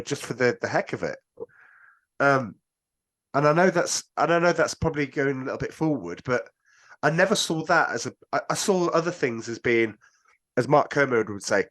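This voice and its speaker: A man's voice: mid-range voice, fairly bright tone. Guy rambling thru a movie chat, lots of restarts and asides. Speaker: podcast guest. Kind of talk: casual film discussion.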